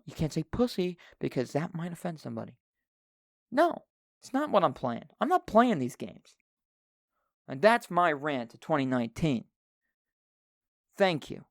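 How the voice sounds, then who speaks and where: A man hosting a podcast, going on a profane solo rant with a handheld microphone and jumping into loud, high-pitched outbursts. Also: very animated, unhurried, creaky, pauses often, dry recording, studio quality. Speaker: podcast co-host.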